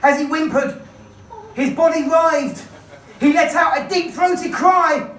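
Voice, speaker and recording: Her high-pitched voice holds a steady tone and moves slowly, with a faint hiss or hum underneath. She's a magician and comedian on a comedy club stage, telling a comic tale to a live audience and teasingly urging a volunteer on. The room echoes and she sounds far from the mic.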